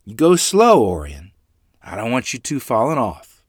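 A kind frontier mother who speaks softly and cheerfully, as a male storyteller raises his voice to play her. The voice is husky and lifts up and down, close and dry with no room sound. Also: mid-range voice, big pitch swings, moderate pace, no echo, pitched above the performer's own voice. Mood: warm. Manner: soft, caring, cheerful. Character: gentle pioneer mother, young woman.

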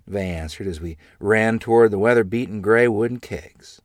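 A man narrating a read-aloud story in an expressive, good-humored manner. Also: fairly low pitch, normal speed, no room sound, studio quality.

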